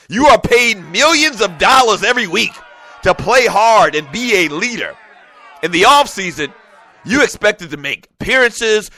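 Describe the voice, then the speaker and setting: A man putting on the voice of a stern male drill sergeant, loud, clipped and commanding. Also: sits high, no echo, pitched above the performer's own voice.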